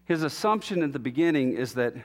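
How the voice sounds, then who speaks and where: A man preaching a sermon as a pastor, measured and emphatic, with long pauses between phrases. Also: fairly high pitch, animated, long reverb tail.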